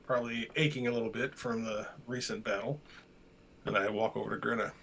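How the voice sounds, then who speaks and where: A man's voice: lowish voice, fairly even intonation, a little fast, creaky, a bit bright, a little hiss or hum. A man playing a tabletop game in character, dry and skeptical in manner. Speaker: player. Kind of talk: in-character tabletop role-play.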